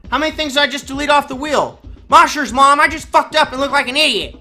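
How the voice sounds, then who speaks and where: A fairly high-pitched man rambles to his viewers in a loose, profane, excitable way. Clear game music plays behind him the whole time. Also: quick pace. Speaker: live streamer. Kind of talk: casual live-stream chatter to viewers.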